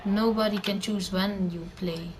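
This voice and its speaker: A woman's voice: mid-range voice, fairly even intonation, measured pace, background noise. A teenage girl rambling through casual gameplay commentary and tips, with lots of fillers and self-corrections. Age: teen, under eighteen. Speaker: gamer giving tips.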